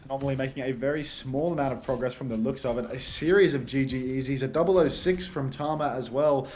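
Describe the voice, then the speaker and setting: A man's voice: mid-range voice, fast, darkish tone. Male esports caster, dry and sardonic, light background noise. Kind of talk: live esports commentary.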